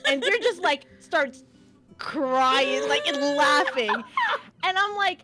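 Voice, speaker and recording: A woman telling a funny story on a livestream, animated and swearing freely as she acts out what people said. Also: high-pitched, unhurried, faint music behind. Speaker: guest co-streamer. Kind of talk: casual storytelling chat.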